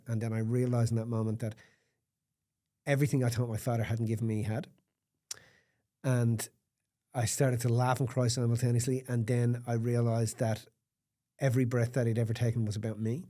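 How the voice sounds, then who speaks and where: A middle-aged man speaks as a podcast guest, with a warm, mellow tone at an ordinary pitch for a man. He tells his story candidly and emphatically. He swears bluntly and does not smooth over rough edges.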